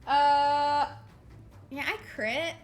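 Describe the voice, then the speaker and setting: A woman runs a tabletop game in a casual, lively way, full of quick asides. Her voice sits fairly high for a woman. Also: faint music behind. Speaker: game master.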